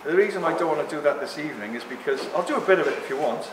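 A man giving a rambling, joking live talk to an audience, speaking loudly without a microphone. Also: fairly high pitch, lively intonation, very fast. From Greek heritage. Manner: jokey, rambling, loud. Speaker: guest speaker. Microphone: no microphone, room recording. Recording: echoey room with background noise.

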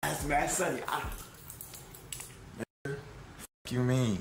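A man jokes his way through a home vlog in a brash, bossy manner. His voice sits at a middle pitch. It comes from a vlog being played back, with a roomy echo around it. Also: unhurried, pauses often, crowd noise. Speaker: vlogger. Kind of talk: casual vlog.

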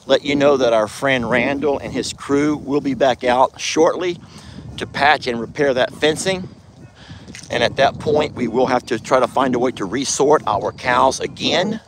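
A man's voice: mid-range voice, a little slow, background noise. A man talking casually outdoors on his cattle ranch while he walks among the cows, affectionate and chatty, often cooing sweetly at the animals. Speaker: ranch owner and vlogger.

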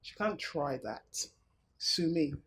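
A woman's voice: low-pitched, lively intonation, slow, exaggerated voice. An actress with a Nigerian accent playing a haughty, rich young woman who scolds her staff with demands. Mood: defiant. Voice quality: scolding, demanding, rising to shouts. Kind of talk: Nollywood film acting.

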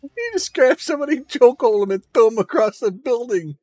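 A woman's voice: fairly high pitch, animated, brisk, a little mellow, no echo. A woman streamer giving let's-play commentary, giggling and amused.

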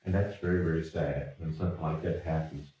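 A man's voice: extremely low pitch, steady tone, a little fast, warm tone, distant mic, highs cut off. A man preaching as a pastor in a folksy, repetitive way, often restarting words. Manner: folksy, repeats words, chuckles. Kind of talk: sermon. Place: church sanctuary. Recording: roomy church sound from off-mic.

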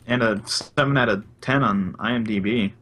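A man's voice: lowish voice, moderate pace, a bit bright. A young man co-hosting a podcast, dropping dry, teasing quips. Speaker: podcast co-host. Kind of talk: casual chat.

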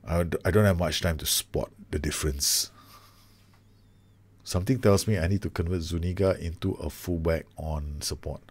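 A man's voice: sits low, normal speed, breathy edge. A man commentating on his own football management game, groaning and exasperated at his team. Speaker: gaming YouTuber.

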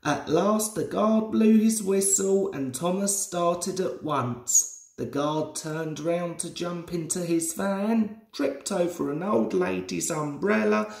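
A man's voice: sits high, gravelly. A young man in his twenties reading a children's storybook aloud as a storyteller. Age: 20s. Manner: slow, lively storybook reading. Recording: roomy echoey room.

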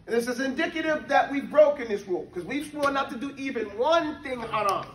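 A man's voice: very high-pitched, expressive, quick pace, hardly any pauses, crowd noise. A man teaching a religious class, checking in with his students and chanting verses to drill them. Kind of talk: interactive classroom lesson. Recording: echoey room from a distant mic.

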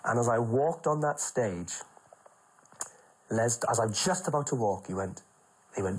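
A man's voice: medium pitch, normal speed, husky, poor audio. A middle-aged Welsh man, a comedian, telling chatty backstage anecdotes in an interview and acting out the people in them. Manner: chatty, animated, acts out the people in his stories.

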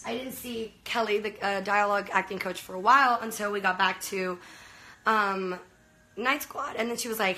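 A woman's voice: mid-range voice, normal speed, pushed and bright, rough recording. A young woman from Venezuela chatting casually on a live stream, gushing and full of fillers, talking into a phone. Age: young adult. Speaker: livestreamer.

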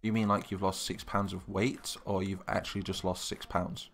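A man's voice: sits low, little pitch movement, moderate pace, creaky, fairly bright tone, soft background music. A young British man live-streaming, chatting casually and thinking aloud while answering viewers' comments. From Britain.

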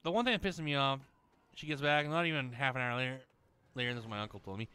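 Man, let's play host, bright crisp voice, close dry mic, sweary ranting. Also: fast talker, no room sound. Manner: profane, ranting, mocking others in shrill voices. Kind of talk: angry rant over gameplay.

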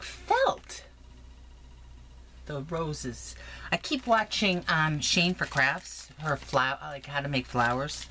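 A woman chatting excitedly through a crafting unboxing, gushing and laughing often in her home craft room. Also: low voice. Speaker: crafting vlogger. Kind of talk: casual unboxing chat. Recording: noisy home recording.

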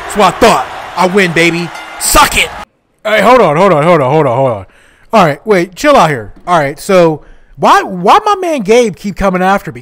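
A man playing a wrestling video game and commenting over it, loud, slangy and full of trash talk. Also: sits high. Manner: loud trash-talking, hyped, slangy banter. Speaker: gaming YouTuber.

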